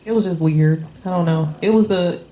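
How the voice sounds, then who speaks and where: A woman's voice: lowish voice, normal speed, mellow, slight background noise. A woman in a casual interview, telling a personal story candidly and emotionally, with many fillers. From Illinois. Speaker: interviewee, wife. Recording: echoey room.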